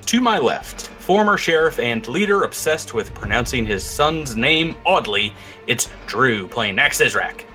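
A man hosting a tabletop game podcast as game master, playful and quick to laugh. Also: medium pitch, soft background music. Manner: playful, laughs often, animated intros.

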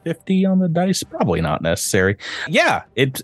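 A man narrating as game master of a tabletop game, talking in a halting way with many restarts. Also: a little high, huge pitch swings, slightly rough, no echo.

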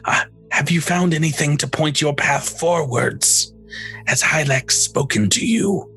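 A man voicing a formal, earnest temple keeper who welcomes returning heroes, speaking with a slightly halting delivery. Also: fairly high pitch, bright, forceful tone, soft background music, pitched above the performer's own voice, rough recording.

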